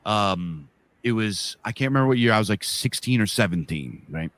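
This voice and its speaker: A man's voice: on the low side, expressive, moderate pace, a bit bright. A man from the northeastern US, a podcast co-host telling a vivid, rambling story with lots of fillers and swearing. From northeastern US, Pennsylvania. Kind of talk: casual storytelling.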